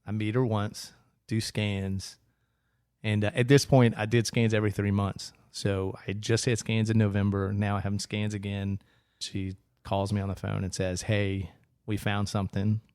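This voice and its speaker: A man's voice: on the low side, little pitch movement, moderate pace, darkish tone, clear, resonant tone, dry recording, studio quality. A man as a podcast guest, telling stories in a chatty, self-mocking way and acting out what people said. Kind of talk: casual storytelling interview.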